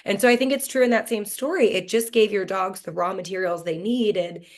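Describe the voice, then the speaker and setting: A woman's voice: mid-range voice, brisk. Upbeat woman hosting a group chat. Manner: upbeat, encouraging, leads the turns. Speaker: host of the call. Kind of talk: casual group talk.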